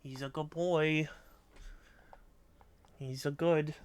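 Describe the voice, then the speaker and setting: A man's voice: mid-range voice, fairly even intonation, measured pace, bright, forceful tone, a little hiss or hum. A man streaming a game who talks casually and often coos baby talk to his cat. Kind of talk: casual live-stream chat. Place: dim room indoors. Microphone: desk microphone on a stand.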